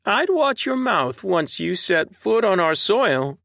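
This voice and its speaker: A man voicing a prim, silver-haired old woman with a slight Canadian accent, who scolds politely and threatens quietly. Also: high voice, very animated, slow, gravelly, no echo, studio quality, voice pushed up, heavily acted. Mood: threatening.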